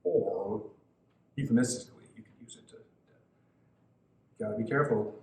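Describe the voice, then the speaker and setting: Animated man teaching the Bible, echoey room. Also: a little slow. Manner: animated, jumps in pitch for quotes, laughs often. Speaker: youth Bible study teacher.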